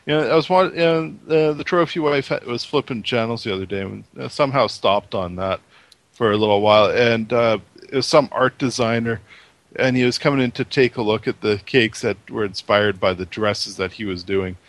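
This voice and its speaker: A man's voice: medium pitch, fairly even intonation, normal speed, no room sound. A man in casual chat, telling a story in a rambling way with many restarts.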